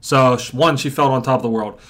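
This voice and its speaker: A chiropractor teaching a workshop method, telling patient stories and acting out what patients and audience members say. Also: male voice, mid-range voice, a little fast, a bit bright. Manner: storytelling, acts out patients and audience. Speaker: chiropractor and coach. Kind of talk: teaching a seminar.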